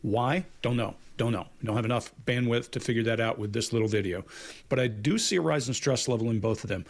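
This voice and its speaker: A male analyst walks through stress cues in a clipped, matter-of-fact way. He answers his own questions tersely and moves on, in an ordinary middle-pitched voice. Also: quick pace. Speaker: body language analyst. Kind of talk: casual panel analysis.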